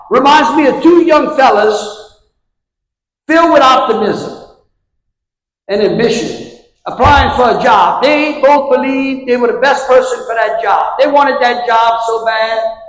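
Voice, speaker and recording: A man with a Louisiana accent speaks to a luncheon crowd in a drawling, storytelling way, pitched quite high. He keeps asking the room rhetorical questions. His voice rings around a large hall with a long, echoing tail. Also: a bit bright. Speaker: governor giving a luncheon speech. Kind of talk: folksy public speech with anecdotes. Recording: echoey hall with long reverb.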